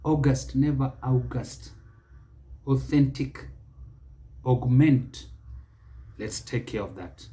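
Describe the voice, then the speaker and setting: Male teacher with a Kenyan accent, mid pitch, mellow and unhurried, drills each word over and over. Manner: slow, deliberate, repeats each word several times. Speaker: pronunciation teacher. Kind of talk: English pronunciation lesson.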